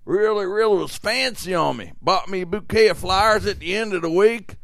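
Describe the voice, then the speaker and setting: A man's voice: sits high, fairly quick, creaky, a bit bright, dry recording, voice pushed up. A man voicing a tough, profane frontier woman from the Old West in a drawling, matter-of-fact way.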